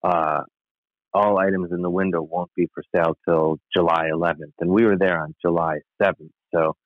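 This man's delivery is flat and low-pitched at a moderate pace as he tells a rambling, wry personal anecdote on a podcast. He's American, adds many asides, and the audio is dry and thin like a phone line.

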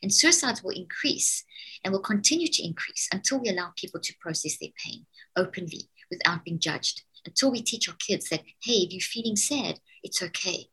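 A woman's voice: medium pitch, animated, normal speed, sharp tone, slightly rough, low-quality recording. A middle-aged woman from South Africa, a neuroscientist guest in an interview, talking emphatically and acting out what parents say to children. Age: four adult children, middle-aged or older. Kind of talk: interview conversation.

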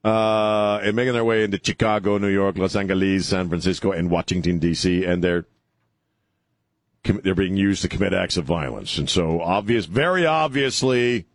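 Male talk radio host, lower voice, dry studio sound, sarcastic, rambling, lots of ums and restarts. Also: normal speed, dry recording. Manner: rambling, sarcastic, self-interrupting, many fillers. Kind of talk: opinionated talk radio monologue. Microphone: studio microphone.

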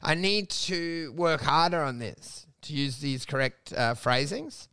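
A man trades crude jokes in a casual comedic chat, launching into mock rants. His voice sits high and carries a gravelly rasp. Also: expressive, measured pace, pushed and bright, no echo, studio quality. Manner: crude, riffing, mock-ranting in put-on quotes.

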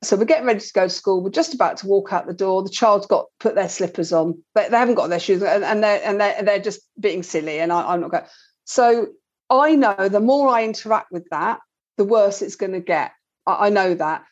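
A woman's voice: medium pitch, fairly quick. Earnest woman, dull lo-fi sound. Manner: earnest, repeats words while explaining. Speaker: parenting guest expert. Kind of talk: explaining in a conversation.

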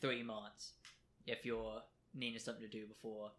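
A man's voice: fairly low pitch, normal speed. Playful man co-hosting a nerd podcast. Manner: playful, teasing, gets excited about anime. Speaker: podcast co-host. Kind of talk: casual chat.

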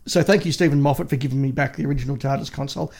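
A man's voice: medium pitch, fairly even intonation, racing, creaky, darkish tone. A man co-hosting a podcast, reviewing in casual chat with a passionate, opinionated ranting manner. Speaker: podcast co-host.

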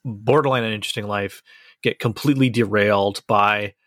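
A man's voice: fairly low pitch, fairly even intonation, brisk, fairly bright tone, no room sound. Eager guy rambling through a show recap on a podcast, dead dry mic. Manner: enthusiastic, rambling, restarts sentences. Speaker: podcast co-host. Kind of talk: casual chat reviewing a TV series.

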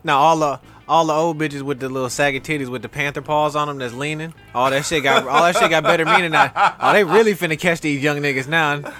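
A young man co-hosting a podcast, loud and animated with slang-heavy banter. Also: fairly high pitch, fast, few pauses. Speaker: podcast co-host. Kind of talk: casual chat.

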